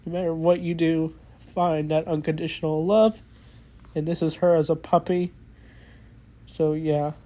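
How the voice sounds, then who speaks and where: Casual movie review, earnest emotional reviewer, halting speech, narrow even pitch, mid-height voice. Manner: halting, with many restarts and fillers.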